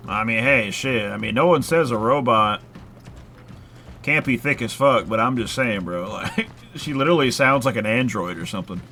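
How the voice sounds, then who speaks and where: A man's voice: mid-range voice, moderate pace, bright, forceful tone, faint music behind. Rambling man streaming a game. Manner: loose and rambling, heavy filler words, swears casually. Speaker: streamer playing a horror game. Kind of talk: casual live gameplay chat.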